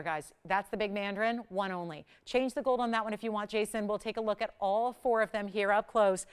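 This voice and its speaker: A woman hosting a live home shopping show, pitching jewelry deals in a chatty, energetic way with sudden loud bursts. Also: clean tone.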